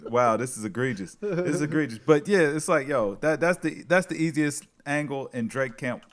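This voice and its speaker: Man, podcast co-host, relaxed delivery, casual chat. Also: on the high side. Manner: relaxed, drawn-out, frequent "you know what I'm saying".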